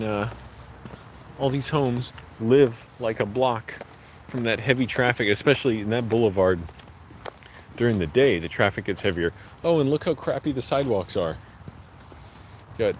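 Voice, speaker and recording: A man's voice: medium pitch, rough recording. A man talking casually to his phone camera as he walks through neighborhood streets, rambling from one thought to the next. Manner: rambling, talks to the camera while walking. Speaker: vlogger. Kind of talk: casual walking vlog. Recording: outdoor street recording with clear background noise. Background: passing traffic and outdoor street noise.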